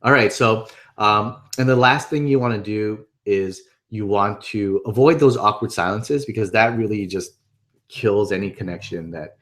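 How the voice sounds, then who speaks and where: A man with a slightly low voice teaches a webinar in an easy, conversational way. He stays upbeat and keeps checking in with his listeners as he explains each point. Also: normal speed, a bit bright. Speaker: webinar presenter. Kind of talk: casual instructional talk.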